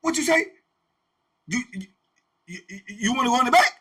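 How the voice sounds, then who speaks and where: A man's voice: very high-pitched, lively intonation, moderate pace, husky, voice pushed up, exaggerated voice. A man voicing a slick-talking, bullying male prison warden who barks and taunts the inmates. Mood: barking. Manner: loud, barking, taunting.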